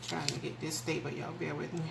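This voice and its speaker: A woman's voice: low-pitched, steady tone, brisk, gravelly. A woman, chatting folksily to viewers as she demonstrates a recipe in her small home kitchen, filming it herself. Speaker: cooking channel host. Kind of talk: casual cooking demonstration. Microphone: camera mic, filming alone. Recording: echoey kitchen with background noise.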